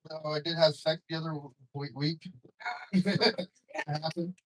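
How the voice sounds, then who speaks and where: Young male stand-up comic, slightly high voice, dry delivery with chuckles. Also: steady tone, measured pace, pauses often, rough recording. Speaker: stand-up comedian. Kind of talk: stand-up comedy set. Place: comedy club stage with audience.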